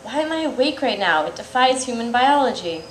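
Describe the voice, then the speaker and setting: A woman's voice: on the high side, big pitch swings, a little fast, reverberant, a little hiss or hum, low-quality recording. Dry, self-deprecating young woman reading live. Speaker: comic artist reading her own comic. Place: comic shop event.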